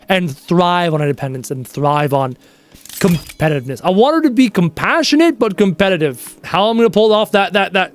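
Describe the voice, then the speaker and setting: Male streamer, 30s, high-ish voice, animated and chatty with viewers, faint music bed. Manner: chatty, animated storytelling, answers chat questions. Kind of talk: casual live-stream chat.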